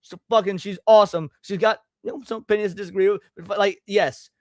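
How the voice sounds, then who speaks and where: A man's voice: high voice, steady tone, fast, a little mellow, no echo, clean studio sound. A man hosting a live stream, reacting to clips with blunt, profane, emphatic rants. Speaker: streamer host.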